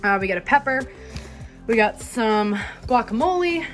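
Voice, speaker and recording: A woman's voice: fairly high pitch, animated. Young chiropractor lady chatting in her kitchen, upbeat and chatty, some music under it. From Minnesota, USA. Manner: chatty and enthusiastic, drawn-out words. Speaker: chiropractor vlogger. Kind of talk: casual kitchen vlog. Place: home kitchen.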